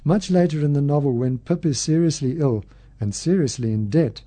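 A man giving a literature lecture, reading passages aloud in a measured, unhurried way with small slips. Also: fairly high pitch, dark tone.

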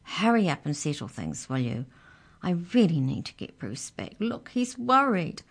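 Storybook boy, jittery and hushed, voiced by a woman narrator. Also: lowish voice, sing-song, unhurried, heavily acted. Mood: nervous. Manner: anxious, whispering. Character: nervous timid young boy.

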